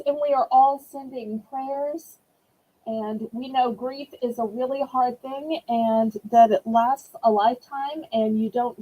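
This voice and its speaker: A woman runs a live-stream auction from her home and talks straight to her viewers on a webcam. Her voice sits a little high and sounds mellow and dark, and she talks slowly and gently, moving from holding back tears to warm, homey sales talk. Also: low-quality recording. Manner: emotional, holding back tears, then cheerful product pitching.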